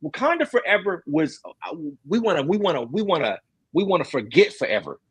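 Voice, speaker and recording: A man's voice: a little high, big pitch swings, brisk, slightly rough. A middle-aged man hosting a casual stream chat, ranting emphatically with slang. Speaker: streamer host.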